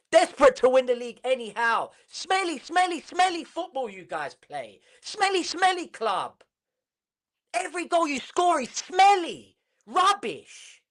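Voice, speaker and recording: A man ranting on a live football reaction stream, animated and mocking, swearing freely. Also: high-pitched.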